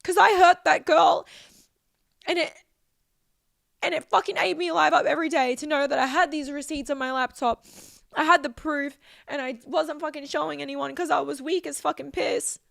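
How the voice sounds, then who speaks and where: Straight to camera, a young woman in her 20s unleashes an emotional, profane, heated rant for her vlog, talking at normal speed with fairly even intonation. The high, slightly bright voice has a gravelly fry, recorded close and dry without any room echo.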